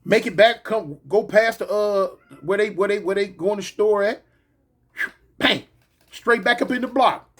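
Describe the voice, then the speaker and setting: A man casually telling a story in slang, punctuating it with "bang" and "boom". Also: normal speed. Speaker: storyteller recounting prison life.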